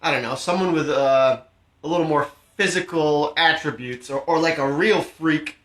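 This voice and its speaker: A man's voice: fairly high pitch, normal speed, a bit bright. A man co-hosting a podcast at home, chatting casually with laid-back, laughing banter. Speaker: podcast co-host. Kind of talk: casual chat. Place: room at home. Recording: roomy echo.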